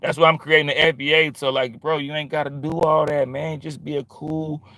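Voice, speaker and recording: A man's voice: on the high side, level tone, a little fast, pushed and bright, dry recording, clean studio sound. A man talking in a rambling, streetwise monologue, full of slang, who keeps drifting into quoting other people. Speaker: vlogger. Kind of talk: casual monologue.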